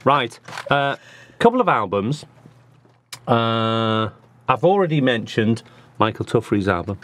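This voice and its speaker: A man's voice: medium pitch, very animated, a little slow, fairly bright tone. A man with a Liverpool accent hosting a music show from a studio, chatting and joking casually. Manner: jokey, chatty banter. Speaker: show host.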